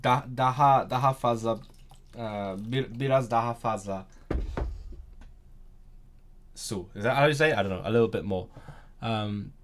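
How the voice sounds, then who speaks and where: There's slight background noise as a young, medium-pitched host leads a casual language-learning live stream. He bounces off the chat, frequently rephrases from the start, and gives halting Turkish and Welsh a go.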